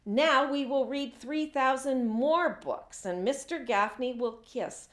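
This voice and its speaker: A woman's voice: sits high, takes it slowly, pitched above the performer's own voice. A woman reading aloud, voicing a bossy, cheerful female teacher with emphatic, dismissive retorts. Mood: firm, upbeat. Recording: echoey room.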